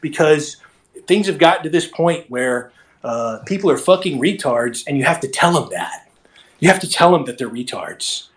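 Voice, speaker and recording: A man's voice: a little high, expressive, normal speed. A man hosting a casual online audio chat, ranting in an agitated way and swearing often. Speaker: host.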